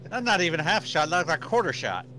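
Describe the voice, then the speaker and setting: A man from Florida chatting casually on a flight sim stream, teasing and quick to laugh. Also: fairly high pitch, big pitch swings, sharp tone, a little hiss or hum. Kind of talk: casual chat.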